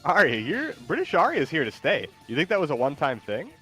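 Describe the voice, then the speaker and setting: A man's voice: fairly high pitch, huge pitch swings, quick pace, a bit bright, husky, faint music behind. A man hosting a stream in casual chat, loose and teasing, with lots of likes and ums. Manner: loose, rambling, teasing, many fillers. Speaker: streamer host.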